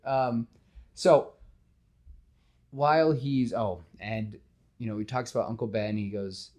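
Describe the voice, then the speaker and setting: A man hosting a podcast in casual chat, telling a story with lively acted-out scenes. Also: fairly low pitch, moderate pace. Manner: animated storytelling, acts out scenes. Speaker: podcast host.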